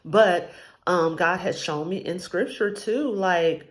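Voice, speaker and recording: A woman's voice: on the low side, takes it slowly. A married woman sharing a personal faith testimony in a casual, rambling way, with frequent ums. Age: adult, married with a child. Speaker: vlogger sharing a faith journey.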